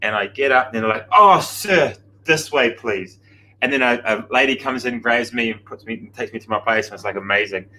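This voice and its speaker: A man, chatting casually and telling a rambling, animated anecdote on a breakfast show. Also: fairly low pitch, fast talker, hardly any pauses, slight background noise, low-quality recording. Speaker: gym coach on breakfast show. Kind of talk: casual storytelling banter.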